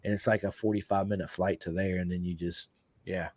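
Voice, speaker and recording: Excitable American man hosting a podcast. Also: low-pitched, brisk, no echo, studio quality. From United States. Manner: enthusiastic, slangy, calls guest dude and bro. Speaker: podcast host. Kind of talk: casual interview chat.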